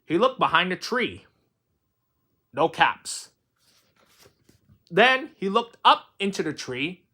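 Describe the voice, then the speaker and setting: A man's voice: high-pitched, very animated, takes it slowly, long pauses, sharp tone, slightly rough. A man reading a children's picture book aloud in a sing-song, playful storytelling manner. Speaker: storybook reader.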